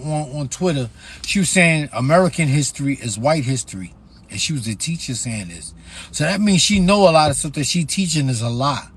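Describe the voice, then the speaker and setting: A man's voice: medium pitch, slight background noise. A man from New York with a New York accent, an author chatting casually on a livestream about his books and reading a passage aloud, blunt and profane, with sudden emphatic bursts.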